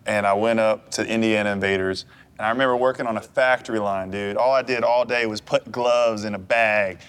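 A man's voice: lowish voice, steady tone, fairly quick, a bit bright, clean tone. Joking, slangy man co-host. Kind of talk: casual chat.

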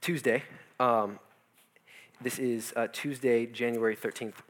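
A man's voice: medium pitch, measured pace. A young man working as a youth pastor, telling a personal testimony in his office and acting out the voices of the people in his story. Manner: animated storytelling, acts out quoted voices.

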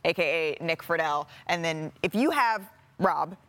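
A woman hosting a sports talk podcast, upbeat and brisk as she moderates a playful role-play segment. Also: deep voice, lively intonation, fairly bright tone. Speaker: podcast host.

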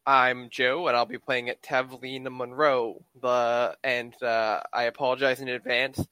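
A man's voice: medium pitch, little pitch movement, measured pace, pushed and bright, smooth, no echo. A man playing in a tabletop game, chatting casually with wry, teasing asides. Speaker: player. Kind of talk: casual chat.

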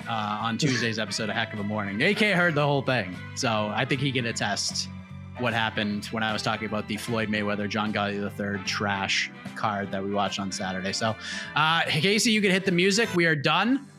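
A man hosting a casual sports podcast, with brisk, upbeat patter as he wraps up the show. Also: mid-range voice. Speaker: host.

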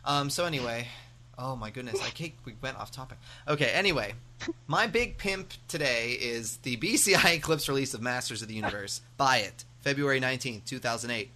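A man hosting a casual podcast, his voice bright and forward. He rambles chattily from point to point, with plenty of fillers along the way. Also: mid-range voice, animated, a little fast, a little hiss or hum. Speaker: podcast host.

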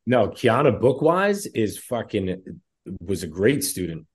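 Husky, low-voiced man in his forties. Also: sing-song, unhurried. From New York area. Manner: laid-back, swears offhandedly. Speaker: podcast co-host. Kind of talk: casual chat.

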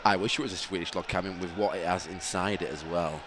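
A man with a Yorkshire accent co-hosting a casual football podcast, jokey and animated. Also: sits low, quick pace, background noise. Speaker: podcast co-host. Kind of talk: casual football fan commentary.

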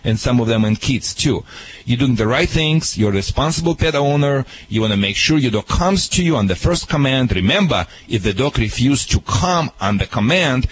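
Man, dog trainer, emphatic, joking, mid-range pitch. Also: animated, normal speed, slight background noise, low-quality recording. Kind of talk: radio call-in advice.

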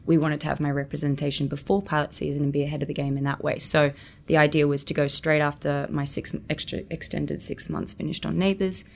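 Speaking fast in a low, creaky voice with a level tone, a twenty-something Australian woman chats as an actress guest in a casual interview, acting out quotes as she tells her stories. A little hiss or hum is audible.

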